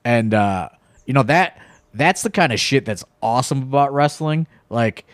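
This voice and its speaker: A man's voice: medium pitch, lively intonation, moderate pace, no echo. A man co-hosting a podcast in casual chat, rambling with many fillers and swear words. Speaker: podcast co-host, wrestling promoter.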